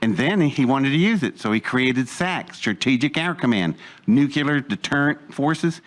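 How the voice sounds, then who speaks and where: A man's voice: mid-range voice, lively intonation, a little slow. Older male storyteller, live audience, rambling and digressive, chuckles through his asides. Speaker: speaker telling a life story.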